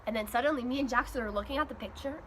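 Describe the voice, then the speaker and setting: A woman vlogger spins a story in a casual, chatty way, leaning on "like" as she goes. Her voice sits high and sounds bright and light. A faint hiss lies under the talk. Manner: chatty, quick retelling full of "like".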